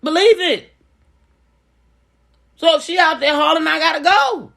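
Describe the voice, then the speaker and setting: A middle-aged businesswoman gives casual advice straight to camera in a very high, creaky, fairly bright voice at a moderate pace. She is blunt and emphatic, returning to her points again and again.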